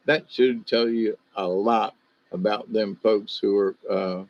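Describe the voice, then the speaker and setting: A man's voice: fairly low pitch, fairly even intonation, slow, dull audio. Older man, slight Southern lilt, rambling. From Ohio, USA. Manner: meandering, hesitant, many fillers. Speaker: livestream host. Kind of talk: rambling casual monologue.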